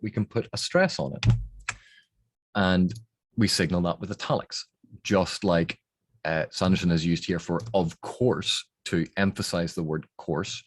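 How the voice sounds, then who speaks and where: Deep-voiced man explaining text edits. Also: no room sound. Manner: methodical, thinking aloud with restarts. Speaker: book reviewer. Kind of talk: analytical explanation of editing.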